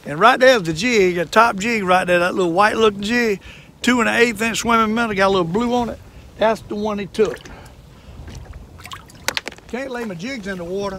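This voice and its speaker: An older man with a high voice for a man talks folksy and chatty out on a fishing boat on a lake. Wind and engine noise come through clearly behind him. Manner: chatty, excitable, repeats himself. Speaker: fishing show host. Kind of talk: folksy running commentary while fishing.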